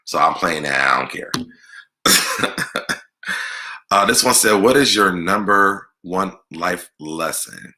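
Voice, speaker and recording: A man's voice: low-pitched, takes it slowly, long pauses, pushed and bright. A man hosting his own channel, answering viewer questions in a candid, chatty vlog. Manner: candid, chatty, loose delivery. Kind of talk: casual Q&A vlog.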